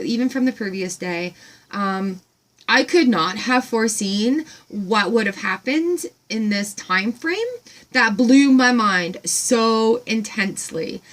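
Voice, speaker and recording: A woman in a casual gratitude vlog from home, talking in an excited, rambling way with lots of fillers. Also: a little high. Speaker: vlogger.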